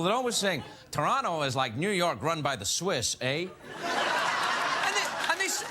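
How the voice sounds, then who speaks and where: Male talk-show host with a lively, swooping pitch, joking through a monologue over loud studio audience laughter and noise. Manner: animated, self-mocking, laughs at his own jokes; jumps into high, yelping asides. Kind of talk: stand-up comedy monologue. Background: live studio audience laughing.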